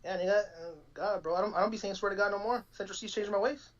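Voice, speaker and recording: Fast-talking excitable young man. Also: sits high, lo-fi sound. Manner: excitable, profane, stumbling over words. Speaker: podcast co-host. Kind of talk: casual chat on a live stream.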